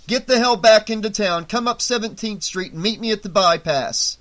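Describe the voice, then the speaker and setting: A man voicing a skeptical small-town sheriff who talks loudly, brusquely and with scorn in an audiobook reading. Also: high voice, animated, normal speed, pitched above the performer's own voice. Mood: barking orders. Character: gruff small-town male sheriff, skeptical and short-tempered.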